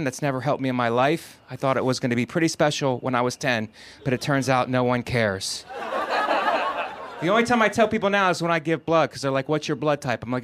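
A middle-aged man doing a stand-up set, delivering jokes punchily with sudden loud rants, and dropping to a quiet, measured tone in reflective asides. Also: fairly high pitch, background noise. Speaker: stand-up comedian.

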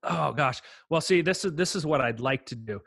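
A middle-aged man, a former pitcher, co-hosting a podcast, telling an animated anecdote in casual chat. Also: moderate pace, gravelly, no echo, clean studio sound. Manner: animated anecdote teller, quotes others.

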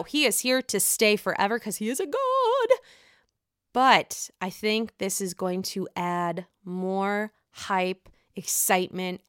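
Woman, bright forceful voice, smooth clear tone, dry close sound, chatty, swears a lot, gushing fan. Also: mid-range voice, no room sound. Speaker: reality TV fan commentator. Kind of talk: casual solo commentary.

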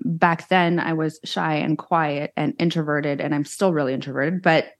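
A woman guest on an interview show, a social media influencer, talking frankly and plainly as she tells her own story. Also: deep voice. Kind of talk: candid conversational interview.

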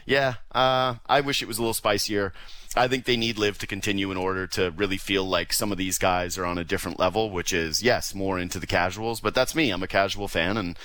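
A man co-hosting casual sports talk, animated and quick to laugh. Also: low voice. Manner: animated, laughs often, slips into joke voices. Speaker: sports radio co-host.

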